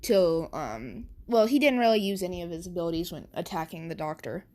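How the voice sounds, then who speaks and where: A woman's voice: lowish voice, expressive, brisk, darkish tone. A woman casually telling a made-up story, rambling and correcting herself as she goes. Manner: rambling, full of fillers and self-corrections.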